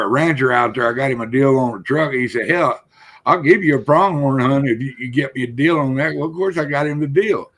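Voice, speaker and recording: A man's voice: medium pitch, fairly bright tone. An older man from South Texas with a South Texas accent, telling folksy hunting stories in casual chat as a live-stream host.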